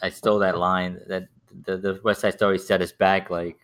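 A man's voice: low-pitched, flat delivery, moderate pace, fairly bright tone. A man in casual conversation, rambling and restarting, with lots of repeated words. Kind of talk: casual chat.

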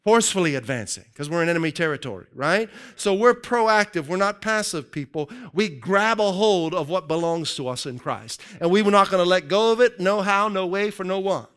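A man preaching a sermon to his congregation in an energetic, joking way that keeps calling out to the crowd. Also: high-pitched, moderate pace, hardly any pauses, clear, resonant tone. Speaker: pastor.

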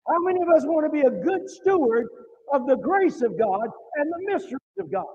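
Very high-voiced man preaching a sermon. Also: big pitch swings, a little fast, darkish tone. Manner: emphatic preaching with call-and-response to the congregation. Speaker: pastor. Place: church. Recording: dull muffled sermon recording.

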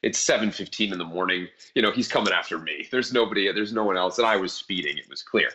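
Low, bright-voiced man telling a story. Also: quick pace. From central New Jersey, US. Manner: earnest, chuckles while telling stories. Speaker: podcast guest. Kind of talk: casual reflective storytelling.

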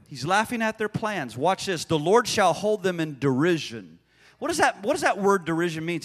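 A man preaching a sermon, swinging from hushed asides to shouted proclamations. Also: high-pitched, long reverb tail. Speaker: pastor.

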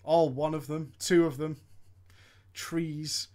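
A man's voice: a little high, takes it slowly. A man comedically reading a viewer's gaming story aloud, breaking off to laugh, swear and comment. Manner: animated, swears freely, laughs often.

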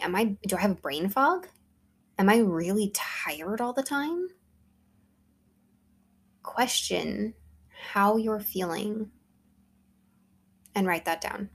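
Her voice is mid-range, gravelly and slightly rough. She's a woman in her thirties running a solo podcast, earnestly and conversationally coaching listeners with motivational talk.

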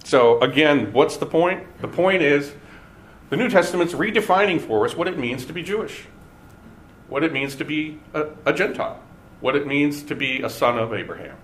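Male Bible teacher, measured lecture delivery, faint background hiss. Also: a little high, expressive. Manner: deliberate, stresses key words with pauses.

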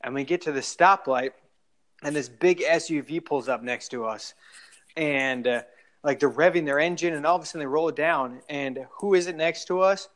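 A man's voice: on the high side, normal speed. A young adult man telling long, rambling stories in a casual podcast chat, full of fillers and restarts. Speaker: guest storyteller.

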